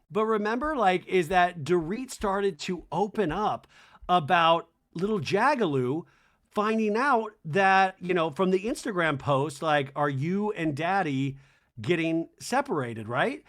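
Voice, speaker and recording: A man hosting a podcast, recapping a reality TV episode in a chatty way and acting out the cast's lines. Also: sits high. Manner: lively, acts out cast members' lines in exaggerated voices; chatty and conversational, with "right?" tags. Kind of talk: animated solo recap commentary.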